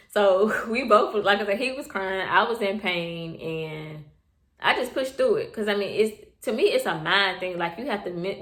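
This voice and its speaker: A woman's voice: on the low side, fairly bright tone. A young woman casually telling viewers her birth story, chatty and repetitive, often calling them y'all. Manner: chatty, repeats herself, addresses viewers as y'all. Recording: echoey room.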